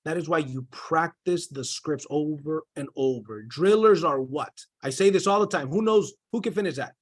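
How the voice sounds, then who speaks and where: Male sales coach with a slightly higher voice, giving emphatic, direct motivational training over a video call. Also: moderate pace.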